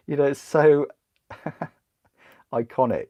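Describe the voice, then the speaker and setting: A man's voice: mid-range voice, lively intonation, drawn-out words, long pauses, warm tone. A man chatting casually on a livestream while building a model kit, rambling, answering chat and laughing often.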